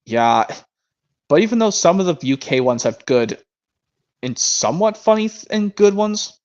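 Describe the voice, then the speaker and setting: A man's voice: high voice, sing-song, normal speed, darkish tone. Rambling young man on a dull mic. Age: young adult. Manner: hesitant, rambling with restarts. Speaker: streamer. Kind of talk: casual chat.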